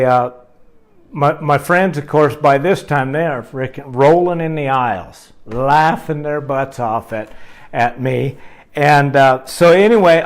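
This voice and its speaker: Guy vlogging a long funny story, kinda high voice, rambling with lots of asides. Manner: animated, rambling, with fillers and asides. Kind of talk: casual storytelling.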